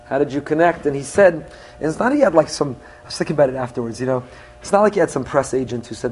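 Rabbi delivering a sermon, middle-aged man, slightly high voice, earnest, Hebrew phrases in English. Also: lively intonation, fast talker, darkish tone, slight background noise. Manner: earnest teaching, with rising emphasis on key points.

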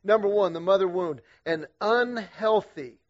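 High-voiced middle-aged man telling stories. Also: measured pace. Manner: energetic, humorous, conversational with restarts. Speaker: guest speaker leading a men's group series. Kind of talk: storytelling church talk to men. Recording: dull lo-fi sound.

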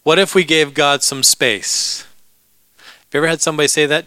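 A male pastor delivers a sermon in a bright, crisp voice. He preaches casually, mixing humor and asides to the congregation. The sound is dry and close. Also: on the high side, fairly even intonation, moderate pace, no room sound, low-quality recording.

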